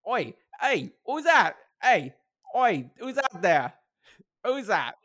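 A man voicing a rowdy Gaulish guard in a deliberately bad Irish accent, hollering at strangers. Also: sits high, very animated, fairly bright tone, pitched above the performer's own voice, full character voice. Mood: challenging.

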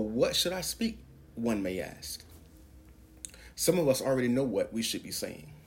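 A man's voice: medium pitch, darkish tone, a little hiss or hum. A man hosting a preaching podcast, speaking in an emphatic, preacherly way and pushing his voice up on key words. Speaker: podcast host.

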